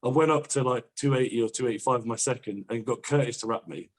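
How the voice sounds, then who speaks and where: A young man, a powerlifter guest on a podcast, telling rapid, sweary anecdotes in casual chat. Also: medium pitch. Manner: fast, swearing, laughing anecdotes.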